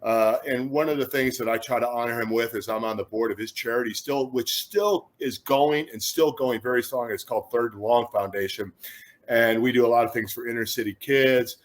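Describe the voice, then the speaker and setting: A man in his fifties from Chicago, a former football player, telling lively anecdotes as an interview guest and acting out other people's words. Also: mid-range voice, fairly quick. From Chicago, USA. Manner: animated storyteller who acts out quotes, with frequent restarts.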